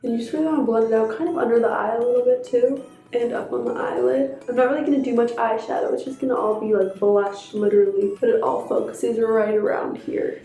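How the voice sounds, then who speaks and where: Hoarse young woman in an echoey room. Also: fairly high pitch, steady tone, a little fast, mellow. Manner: chatty, walks through each step. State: hoarse from a cold. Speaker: beauty vlogger. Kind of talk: casual makeup tutorial. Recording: echoey room, faint background music.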